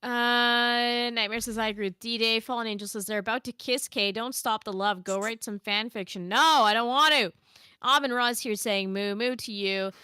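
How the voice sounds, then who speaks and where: Young female co-host, upbeat and playful, higher voice, reading chat on a dry studio mic. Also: steady tone, bright, forceful tone, smooth, dry recording. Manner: playful, laughs often, reads comments in quick bursts. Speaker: podcast co-host. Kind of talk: casual chat, reading live chat aloud.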